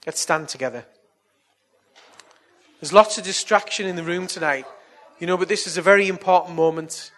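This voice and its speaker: Husky preacher, chatty and earnest. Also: male voice, a little high, normal speed, a bit bright. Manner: chatty, anecdotal storytelling; earnest, coaxing appeals. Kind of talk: evangelistic sermon and altar call.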